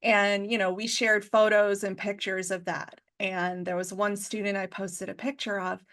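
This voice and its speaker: A woman who works in school district communications, talking as an interview guest in a chatty, casual way, full of filler words and quick to laugh. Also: mid-range voice, level tone, a bit bright. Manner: chatty, heavy use of 'like' fillers, laughs easily.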